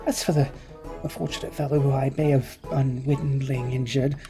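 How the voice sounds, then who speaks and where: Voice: mid-range voice, level tone, fairly quick, music in the background, natural voice. A gamer voicing a timid, apologetic young man from a fantasy game, stammering in formal, old-fashioned speech. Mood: flustered. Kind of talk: voice-acted game dialogue reading.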